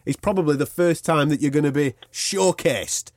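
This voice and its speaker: A man's voice: fairly high pitch, dry recording. A male radio host with a jokey, matey way of talking, running a casual boxing interview from a studio mic. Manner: jokey, matey, rapid chatter.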